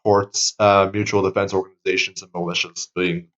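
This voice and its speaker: A laid-back man co-hosting a political commentary stream, speaking with plenty of fillers. His voice sits low and comes through a dull, lo-fi mic. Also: flat delivery, moderate pace, fairly bright tone. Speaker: co-host.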